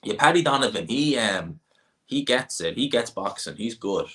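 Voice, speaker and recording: A man's voice: fairly low pitch, expressive, normal speed, a bit bright. An Irish man hosting a casual livestream, answering viewer comments with rambling, opinionated talk. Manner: opinionated and rambling, frequent restarts. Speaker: livestream host.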